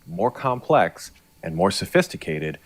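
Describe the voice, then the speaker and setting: Deep voiced guy doing a scripted explainer vid, confident n a little teasing. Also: big pitch swings, a little slow. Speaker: linguist and video presenter.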